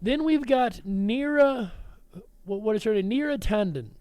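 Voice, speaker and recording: Male commentary host, high voice, combative, dry booth sound. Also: lively intonation, unhurried, darkish tone, smooth, dry recording. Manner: blunt, combative, talks straight to listeners as folks. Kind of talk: political commentary show.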